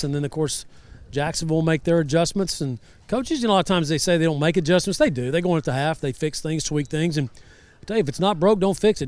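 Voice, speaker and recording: A man commentating a high school football game live from a rainy outdoor stadium, chatty and storytelling. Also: a little mellow. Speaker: sideline reporter and color commentator.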